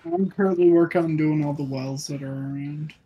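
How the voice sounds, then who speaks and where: A man's voice: a little high, steady tone, a little fast, breathy edge, muffled recording. A young man answering a friend in casual gaming voice chat, laid-back and matter-of-fact with short replies. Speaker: co-op gaming partner.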